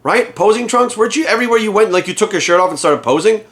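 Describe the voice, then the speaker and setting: A man's voice: sits high, animated, fast talker, a bit bright. A man, a fitness coach hosting his channel, delivers a heated, profane rant full of rhetorical questions. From United States. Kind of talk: angry rant to camera.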